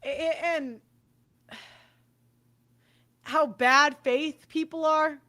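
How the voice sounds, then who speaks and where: A young woman with a high, bright voice rants into the mic as a podcast host. She swears freely and circles back to the same points again and again. Her delivery is heated and blunt. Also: fairly even intonation, very slow. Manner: swearing, ranting, repeats herself. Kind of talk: angry monologue.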